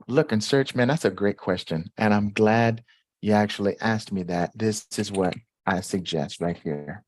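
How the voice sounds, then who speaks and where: A man hosting a live Q&A stream, talking in an animated, repetitive way and jumping up high in pitch when excited. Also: normal speed, no room sound. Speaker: host.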